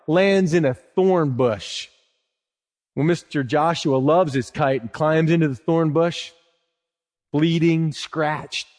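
A man's voice: sits high, big-room sound. A man preaching a sermon in a conversational, storytelling way with emphatic asides. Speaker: pastor.

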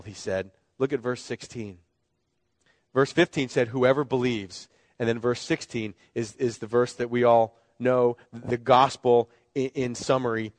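A middle-aged male pastor preaching a sermon, animated, acting out the voices of people in the story. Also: medium pitch, dry recording.

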